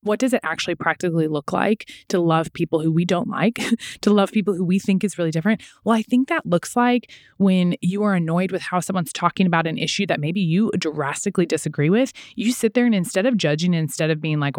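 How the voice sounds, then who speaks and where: A woman's voice: fairly low pitch, fairly quick, a little mellow, no echo, clean studio sound. A woman co-hosting a faith podcast, speaking in an earnest, reflective and encouraging way. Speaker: podcast co-host. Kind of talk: casual faith podcast chat.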